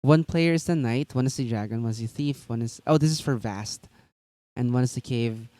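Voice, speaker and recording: A man's voice: mid-range voice, a little fast, warm tone, dry recording. A man co-hosting a tabletop gaming news stream, chatting casually and rambling with lots of fillers and restarts.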